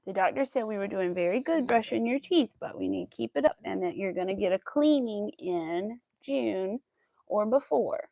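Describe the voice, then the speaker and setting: A young woman crocheting on a livestream from home with a clip-on mic, chatting with viewers and softly counting her stitches. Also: medium pitch, lively intonation, moderate pace, vocal fry, no room sound, muffled recording. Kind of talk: casual chat while crocheting on stream.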